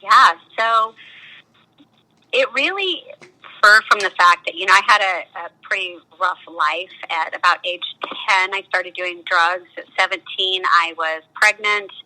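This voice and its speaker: A woman's voice: mid-range voice, a little slow, pushed and bright, rough recording. A middle-aged woman telling her life story as an interview guest, earnest and emphatic, often repeating words as she talks. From United States. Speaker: nonprofit founder, interview guest. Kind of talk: conversational testimony.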